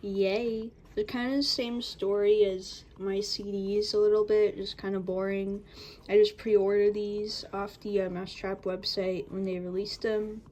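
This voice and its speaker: A woman's voice: mid-range voice, flat delivery, measured pace, mellow, low-quality recording. A woman vlogging casually about her collection, rambling and laughing as she tells a story.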